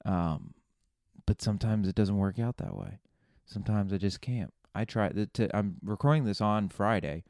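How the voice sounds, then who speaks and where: A man's voice: lowish voice, moderate pace, darkish tone, no room sound, clean studio sound. A man hosting a solo morning podcast, ranting and cursing in a rambling, self-mocking way. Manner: rambling with many restarts. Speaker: podcast host.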